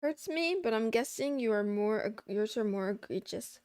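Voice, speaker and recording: A woman's voice: fairly high pitch, expressive, measured pace, few pauses, darkish tone, no room sound, clean studio sound. A woman streaming from her desk at home, chatting casually and playfully and teasing her chat. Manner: playful, teasing chat, meowing between remarks.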